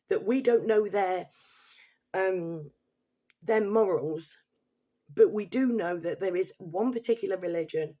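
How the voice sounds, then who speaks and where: Vlogger, woman, Leicester accent, gravelly and husky, reads set points then rants and swears. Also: lowish voice, warm tone. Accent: Leicester English. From Leicester, England. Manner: reads prepared points, then breaks into heated, swearing asides. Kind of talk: political opinion rant.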